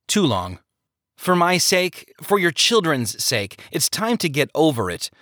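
A man's voice: on the high side, very animated, unhurried, bright, forceful tone, no echo, studio quality, pitched above the performer's own voice, full character voice. A man voicing an exasperated wife and mother who scolds her husband firmly. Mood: scolding. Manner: scolding, firm.

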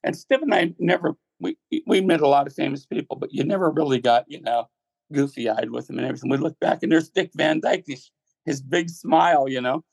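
Man, older, gravelly, dry sound, rambling anecdotes, repeats himself. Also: fairly high pitch, a little fast, a little mellow, no echo, rough recording. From Ohio, United States. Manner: rambling, repeats words, acts out quotes. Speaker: musician guest. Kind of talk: casual storytelling interview.

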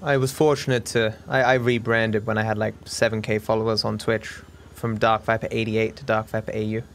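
A man's voice: on the low side, little pitch movement, fairly quick, a bit bright, slight background noise. A man from Australia with a cultivated Australian accent, the podcast host, chatting casually and often restarting his sentences. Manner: rambling, with frequent restarts. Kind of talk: casual chat.

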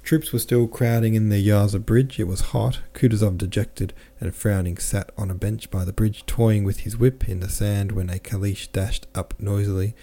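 A man reading a classic novel aloud as the narrator, steady and unhurried, now and then correcting a slip. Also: on the low side. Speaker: audiobook narrator. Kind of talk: scripted narration.

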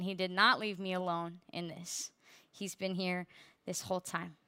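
A young woman earnestly shares her personal faith testimony with a group, her lowish voice flat, sharp and clean at a moderate pace in a dry recording. She uses many fillers and laughs through the hard parts.

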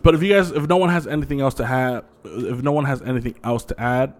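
A man's voice: medium pitch, fast. Profane man telling creepy stories. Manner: profane, animated storyteller who acts out quotes. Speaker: podcast co-host. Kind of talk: casual chat, storytelling.

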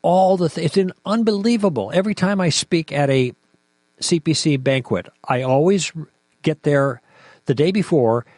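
A middle-aged man co-hosting a talk show, arguing with forceful indignation and rhetorical questions. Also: on the high side, normal speed, dry recording. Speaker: podcast co-host. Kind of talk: impassioned apologetics talk.

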